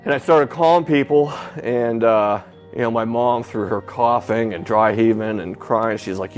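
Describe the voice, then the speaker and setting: A man telling a painful personal story as an interview guest, halting and breaking off with filler sounds, sounding close to tears. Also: mid-range voice, soft background music. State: emotional, near tears. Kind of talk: emotional personal account.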